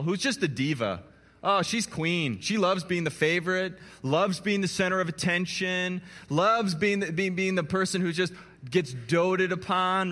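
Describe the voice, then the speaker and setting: A man preaching a sermon as a pastor, telling the story in an animated way with playful asides to his listeners. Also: fairly high pitch. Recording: long hall reverb.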